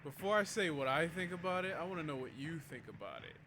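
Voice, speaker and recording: A man's voice: fairly high pitch, very animated, fast talker, noisy background. A man streaming a video game and chatting casually, joking and laughing often. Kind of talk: casual livestream commentary.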